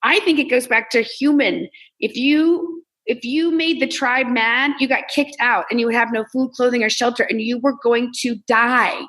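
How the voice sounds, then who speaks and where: Woman comedian, candid and animated. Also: fairly high pitch, normal speed, hardly any pauses, rough recording. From Texas, US South. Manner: candid, animated, acts out quoted self-talk. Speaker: comedian and coach, guest. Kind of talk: casual interview conversation.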